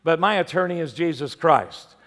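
A man's voice: fairly high pitch, moderate pace, fairly bright tone, big-room sound. A man pastor giving a sermon in a conversational way, mixing humorous stories into his preaching.

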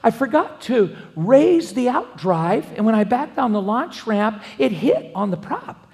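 A man's voice: very high voice, big pitch swings, a little slow, a little mellow, voice pushed up, exaggerated voice. A man voicing a clumsy, eager boat owner who sheepishly recounts his mishaps, in a reverberant hall.

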